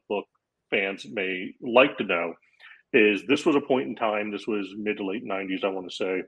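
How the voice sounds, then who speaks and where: The recording quality is low as a comedian from Florida, a man in his forties, chats casually on a podcast in a lowish voice. He's telling a long anecdote with plenty of energy, voicing the quotes himself and laughing as he goes.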